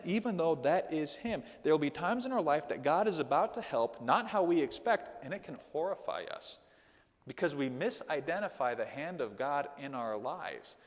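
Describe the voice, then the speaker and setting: A man's voice: on the high side, long reverb tail. A man teaching a Sunday school lesson in a conversational sermon style, often checking in with "okay?". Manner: animated, conversational, with frequent "okay?" asides. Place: church hall.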